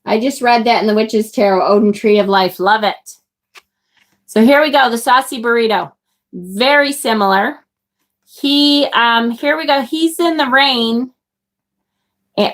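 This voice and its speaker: A woman's voice: fairly high pitch, a bit bright. A woman hosting a live tarot stream, chatting enthusiastically and reading viewer comments aloud. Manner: enthusiastic, chatty, swears casually. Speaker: tarot livestream host. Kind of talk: casual live-stream chat.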